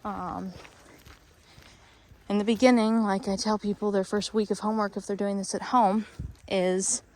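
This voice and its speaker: Woman, dog trainer, out of breath, walking outdoors, explaining steps, mid pitch, faint background hiss. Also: level tone, moderate pace, a little mellow. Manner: explains while walking, breaks off to praise the dog in a high voice. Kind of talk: instructional training walk-through.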